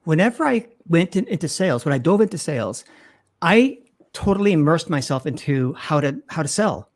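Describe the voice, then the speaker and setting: A middle-aged man, a guest copywriter, talking in an interview with animated emphasis and frequent restarts. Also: a little high, a little fast. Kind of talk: interview conversation.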